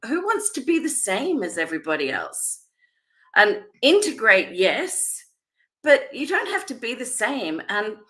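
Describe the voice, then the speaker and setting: Woman panel guest, encouraging, crisp bright tone, medium pitch. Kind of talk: live panel conversation. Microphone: video call.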